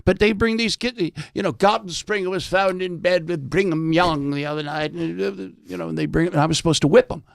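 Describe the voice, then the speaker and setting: Older American actor as a podcast guest, gravelly tone, animated storyteller, dry close sound. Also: male voice, high-pitched, brisk, hardly any pauses, dry recording. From United States. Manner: animated storyteller, jumps into voices. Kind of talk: casual chat with anecdotes and impressions.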